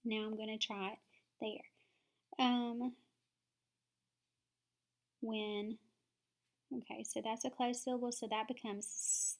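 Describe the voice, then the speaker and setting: A woman teaching phonics, explaining each step slowly and sounding words out syllable by syllable. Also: a little high, level tone. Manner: slow, deliberate, sounding words out.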